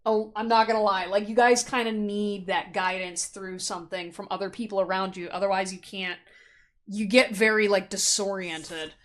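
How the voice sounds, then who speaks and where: A woman giving a casual pick-a-card tarot reading in a chatty, animated way, laughing often and playfully acting out quoted thoughts. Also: medium pitch, moderate pace. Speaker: tarot reader.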